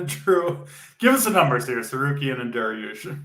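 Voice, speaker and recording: A man's voice: mid-range voice, lively intonation, a little slow, fairly bright tone, roomy sound. A man hosting a casual show, laid-back and steering the talk. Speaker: host.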